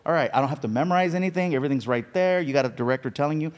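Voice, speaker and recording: A man's voice: on the high side, racing, in a large hall, a little hiss or hum. A man guesting on a podcast, chatting casually and acting out quoted lines as he tells stories. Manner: animated storyteller who acts out quoted lines. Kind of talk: casual chat.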